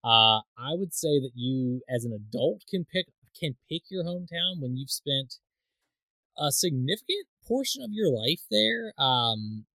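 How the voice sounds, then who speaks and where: A man hosting a casual podcast, his voice bright and forceful. He teases his guest and rambles through his questions with plenty of fillers, recorded dry and close. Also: mid-range voice, very animated, a little slow, no echo. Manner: teasing, joking, rambling with fillers. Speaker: podcast host.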